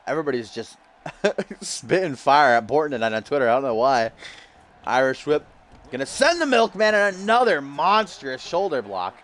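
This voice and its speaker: A man giving lively play-by-play commentary on a video game wrestling match, getting loud at big moments. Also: mid-range voice, moderate pace. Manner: excitable, shouts at big moments.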